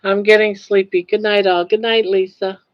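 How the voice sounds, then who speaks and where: A woman's voice: medium pitch, little pitch movement, normal speed, muffled recording. Chatty older woman with Down East Maine accent. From Portland, Maine. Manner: chatty, laughs easily, answers chat comments. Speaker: livestream host. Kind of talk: casual livestream chat. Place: home couch. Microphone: phone.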